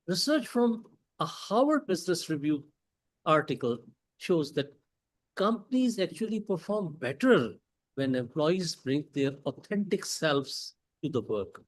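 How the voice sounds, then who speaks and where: A man with a Pakistani English accent giving a prepared motivational speech at a club meeting, emphatic, with dramatic pauses and rhetorical questions. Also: on the high side, big pitch swings, rough recording. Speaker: club speaker. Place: meeting hall.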